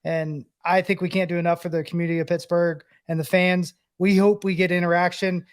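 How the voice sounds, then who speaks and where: A man from the Southeastern US co-hosts a casual podcast. His voice is quite high for a man, and he speaks earnestly and enthusiastically. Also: level tone, brisk. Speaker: podcast co-host, former baseball player.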